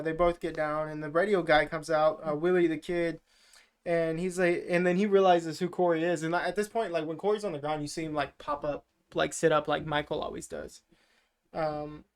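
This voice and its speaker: A podcast co-host with a fairly high, clean-toned voice rambles through a film's plot in a casual movie recap chat. He fills it with filler words and offhand swearing.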